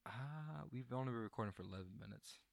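A man's voice: mid-range voice, expressive, fast talker, gravelly, a little hiss or hum. A man co-hosting a casual podcast, talking in a rambling way with restarts and frequent laughter. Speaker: podcast co-host. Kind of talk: casual chat.

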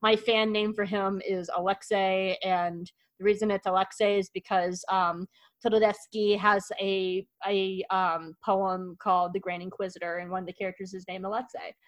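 This is a woman hosting a podcast in a loose, casual chat, sitting at a middle pitch. She gushes with enthusiasm and rambles, circling back with restarts and fillers like "like" and "um.". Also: flat delivery, moderate pace, rough recording. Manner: gushing, rambling with many restarts. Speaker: podcast host.

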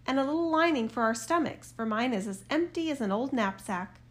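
A woman's voice: high voice, expressive, fairly quick. A woman voicing a bold, cheerful, hungry soldier in a fairy tale reading, speaking heartily. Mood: hearty. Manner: hearty and confident.

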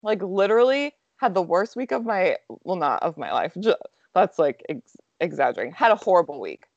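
Young woman, chatty storyteller, lowish voice, dry muffled recording. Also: very animated, fairly quick, a little mellow, dry recording. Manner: chatty, lots of "like" fillers, laughs often. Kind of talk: casual storytelling chat.

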